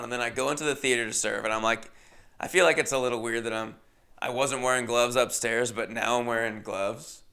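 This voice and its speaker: A man's voice: medium pitch, vocal fry, sharp tone. A man hosting a podcast, telling a comedic story in a wry, self-deprecating way. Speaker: podcast host.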